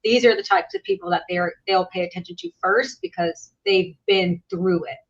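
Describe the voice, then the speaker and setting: A woman host talks in a relaxed, conversational way. She makes her points bluntly and without fuss. The audio is a little dull and lo-fi. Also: lowish voice, normal speed. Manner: blunt, matter-of-fact commentary. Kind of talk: casual reaction chat.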